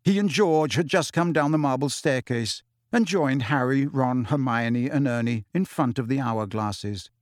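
A man reading a novel aloud as audiobook narrator in a measured storytelling manner. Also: medium pitch, no room sound, studio quality. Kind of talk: scripted narration.

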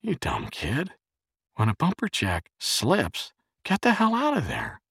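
A man voicing a frantic, paranoid adult man who has gone days without sleep, yelling and rambling in a strained voice. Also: huge pitch swings, normal speed, slightly rough, no room sound, studio quality, heavily acted. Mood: scolding. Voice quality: strained, shouting high voice.

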